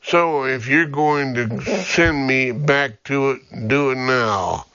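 A man's voice: medium pitch, slow, sharp tone, clean tone, dry recording, highs cut off. A man reading an audiobook, voicing a bitter, frightened young mother who was wrongly imprisoned, pleading and defiant. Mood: desperate.

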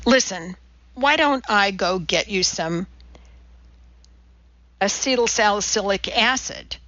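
A woman's voice: mid-range voice, animated, takes it slowly, a bit bright, dry recording, dull audio. A woman voicing an attentive, helpful female TV studio assistant, in an audiobook reading. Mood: solicitous. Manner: attentive, solicitous.

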